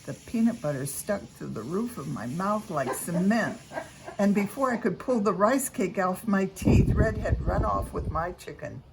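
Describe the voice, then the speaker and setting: An older woman reading a children's story aloud, narrating in the first person with an expressive, unhurried delivery. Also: medium pitch, noisy background.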